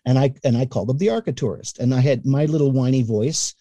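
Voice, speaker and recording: A middle-aged man from Canada telling animated stories as a guest in a casual interview, sometimes acting out the voices he quotes. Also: medium pitch, fast, hardly any pauses, a little hiss or hum. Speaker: guest, newspaper columnist and radio voice.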